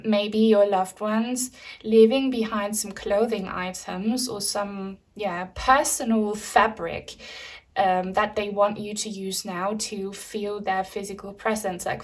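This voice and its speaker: A woman's voice: medium pitch, fairly even intonation, slow pace. A young woman giving a pick-a-card tarot reading to camera, chatty and filled with ums, addressing viewers as guys. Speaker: tarot reader.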